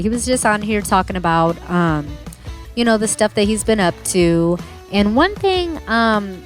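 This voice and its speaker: A woman giving a casual, rambling commentary as she reviews a show, full of hedging asides. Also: mid-range voice.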